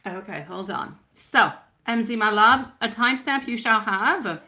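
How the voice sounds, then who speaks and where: Bright-toned woman reading tarot on a live stream, chatty, sweetie this, my love that, wanders around a bit. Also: fairly high pitch, measured pace. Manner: affectionate, calls viewers sweetie and my love; chatty and meandering, reading out viewer names.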